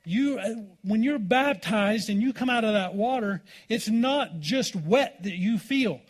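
A male pastor preaches a sermon in a folksy, informal manner, tossing plain talk and calls for "amen" to the congregation. His voice sits high for a man and carries a husky edge. The setting is a church sanctuary. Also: expressive, measured pace.

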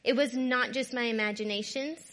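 A woman with a high, bright voice shares her personal testimony in a candid, conversational way. She often checks in with her listeners, shifting between hushed, quiet moments and louder stretches. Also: fairly even intonation, normal speed. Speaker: guest speaker.

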